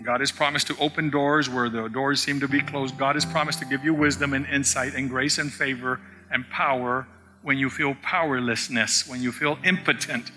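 A man's voice: medium pitch, fairly even intonation, normal speed, pushed and bright. Male pastor preaching, keeps repeating himself for emphasis, echoey church with music going. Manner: rising to emphatic, repeating phrases. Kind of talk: sermon.

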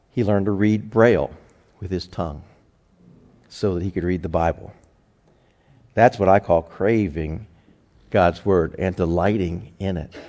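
A man's voice: on the low side, mellow. A man preaching a sermon in a folksy, conversational way, telling homespun stories. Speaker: pastor. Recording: long hall reverb.

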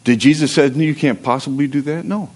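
Slightly high, fairly quick, and a little mellow, this man's voice belongs to a pastor on a livestream. After reading scripture aloud, he preaches his sermon conversationally, joking with the congregation and praying.

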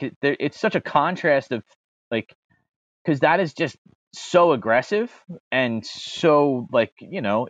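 A man co-hosting a podcast, talking in a relaxed, thoughtful way with easy slang. The recording sounds slightly dull and dry. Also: medium pitch, dry recording. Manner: relaxed, reflective, says "dude" and "like". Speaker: podcast co-host. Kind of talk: casual chat.

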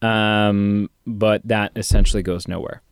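Low-voiced man musing through a film chat. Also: steady tone, a little slow, clear, resonant tone, dry recording, studio quality. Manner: rambling, hesitant with many ums. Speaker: podcast co-host. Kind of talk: casual film discussion.

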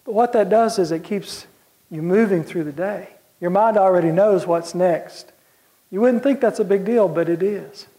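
A man giving a plain-spoken, folksy talk of practical advice as a guest speaker, now and then clearing his throat. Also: sits high, normal speed, warm tone.

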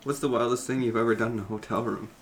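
A man's voice: medium pitch, steady tone, fast. A man co-hosting a podcast from a hotel room, asking questions and giggling in casual chat.

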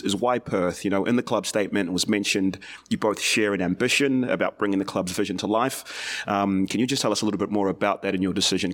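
A man hosting a football podcast, chatting casually and asking interview questions. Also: low-pitched. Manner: chatty, friendly banter with guests. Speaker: podcast host.

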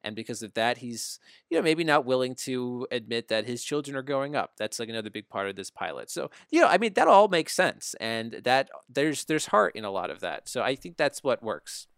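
A man with a smooth, resonant voice talks through a TV episode in relaxed podcast chat. The sound is dry and close, with no room around it. He keeps a friendly back-and-forth going and often asks "right?". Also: mid-range voice, a little fast, few pauses, no echo. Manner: conversational, often seeks agreement with "right?". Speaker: podcast host recapping a TV show. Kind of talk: casual review chat.

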